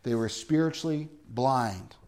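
A man's voice: mid-range voice, measured pace, a little mellow. A male pastor preaching a sermon in an earnest way, building to emphatic peaks.

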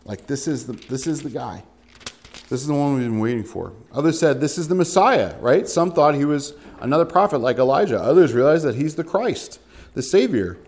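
A man working through a scripture passage as a teacher, reading verses aloud and acting out the quoted voices with rising emphasis. His voice sits at an ordinary middle pitch. Between readings he talks plainly, with frequent "right?" and "you know" asides. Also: a little fast. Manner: reads scripture aloud with lively, animated quoting of voices. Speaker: pastor. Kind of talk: expository Bible teaching.

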